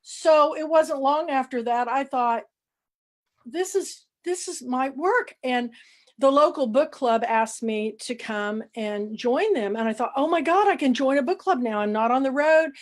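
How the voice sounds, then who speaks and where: A woman in her sixties, an interview guest, telling lively anecdotes and acting out what people said. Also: sits high, measured pace. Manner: lively anecdotal storyteller, acts out quoted dialogue. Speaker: author and book club founder, interview guest. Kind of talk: casual storytelling interview.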